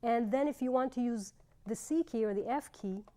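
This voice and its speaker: A middle-aged woman teaching clarinet, explaining fingerings in a clear, measured way with pauses. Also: a little high, dark tone. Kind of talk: instructional demonstration.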